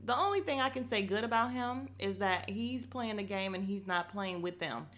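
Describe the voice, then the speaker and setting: A woman's voice: medium pitch, expressive, moderate pace, fairly bright tone. A woman hosting a podcast, recapping a reality show in a blunt, opinionated way, swearing freely and getting heated when something annoys her. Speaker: podcast host.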